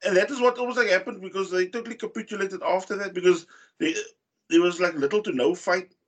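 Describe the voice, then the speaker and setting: Male co-host, casual match recap, filler-heavy, slightly raised pitch. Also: quick pace. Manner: rambling, many fillers and restarts. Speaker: football podcast co-host. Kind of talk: casual football chat.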